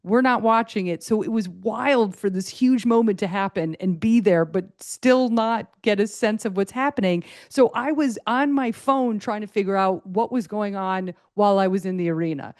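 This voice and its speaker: A middle-aged woman hosting a casual solo podcast, talking excitedly in a loose, rambling way with lots of fillers and restarts. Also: mid-range voice, normal speed, hardly any pauses, no echo, studio quality. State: a little choked up, tired. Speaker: podcast host.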